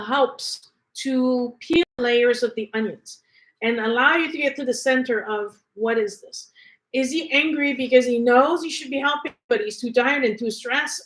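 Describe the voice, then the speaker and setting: A woman with a slightly higher voice walks through an energy-healing technique. Her talk is casual and conversational, full of rhetorical questions as she teaches. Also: low-quality recording. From Canada.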